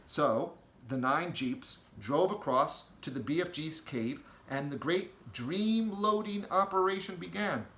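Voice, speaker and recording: A man's voice: on the high side, measured pace, roomy sound, slight background noise. Man reading a storybook aloud. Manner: expressive, storytelling delivery. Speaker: audiobook reader.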